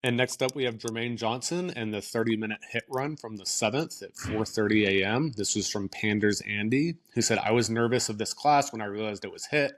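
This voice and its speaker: Relaxed man co-hosting a podcast. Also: lowish voice, fairly quick, hardly any pauses. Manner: easygoing, hedging with "I think". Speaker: podcast co-host. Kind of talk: casual news chat.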